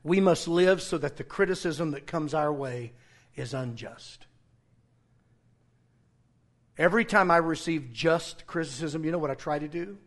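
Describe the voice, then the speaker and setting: A middle-aged man preaching a sermon in a high voice. He reads scripture in a steady tone, then gets heated and close to shouting as he recounts his own run-ins. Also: normal speed. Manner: animated, rising to near-shouting in retold confrontations. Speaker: pastor.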